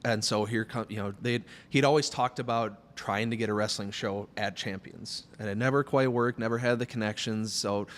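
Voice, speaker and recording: A man on a studio podcast as a guest, telling long stories in a rambling, animated way with plenty of fillers. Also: lowish voice, normal speed, few pauses. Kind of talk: casual storytelling chat.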